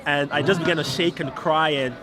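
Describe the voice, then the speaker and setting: Earnest churchgoing man, high voice, crowd chatter behind. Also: steady tone, a little fast. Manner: earnest, enthusiastic. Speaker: churchgoer giving testimony. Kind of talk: interview testimony.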